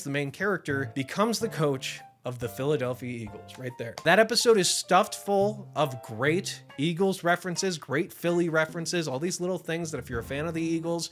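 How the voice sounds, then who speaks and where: A young man giving a casual, profane, animated commentary rant, reviewing a cartoon series to camera. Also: high voice. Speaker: show reviewer.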